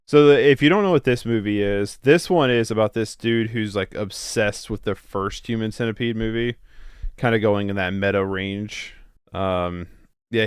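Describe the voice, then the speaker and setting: A man's voice: fairly low pitch, clean tone, dry recording, clean studio sound. A young man hosting a casual movie watch-along, chatting wryly, laughing often and trailing off mid-sentence. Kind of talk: casual live reaction commentary. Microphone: headphones with desk mic.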